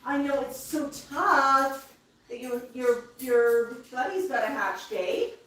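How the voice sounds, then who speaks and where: A woman hosting a casual livestream, talking softly and coaxingly to her pet parrots between reading viewer comments. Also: high voice, takes it slowly. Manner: soothing baby-talk to her parrots. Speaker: parrot keeper and livestream host. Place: indoor room with parrots. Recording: echoey room, heard from a distance. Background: faint noise and birds.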